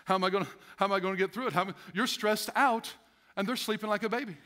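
A male pastor preaching a sermon, animated, laughing often and acting out the voices of stressed people. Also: high voice, very fast. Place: church sanctuary.

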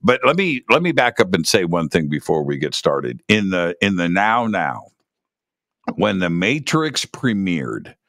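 Male host, very low voice with a lot of swing, excitable storyteller who restarts his sentences, dry close mic. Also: measured pace, no room sound. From Los Angeles area. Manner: animated, repeats words while starting sentences. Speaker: podcast host. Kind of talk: enthusiastic conversational storytelling.

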